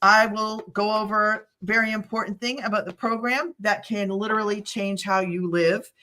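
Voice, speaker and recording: A woman's voice: mid-range voice, fairly even intonation, moderate pace, bright, forceful tone. A middle-aged woman hosting a casual live stream, telling a story in a rambling, chatty way full of asides. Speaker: online business host.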